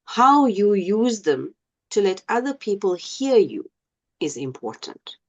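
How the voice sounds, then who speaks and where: A woman teacher speaks to her class over a video call at a measured, deliberate pace and keeps asking the students whether they follow. Her voice sits in an ordinary middle register for a woman. The call audio is dull and lo-fi. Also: medium pitch, big pitch swings. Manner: slow, deliberate, asks the class questions. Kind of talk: online class lesson.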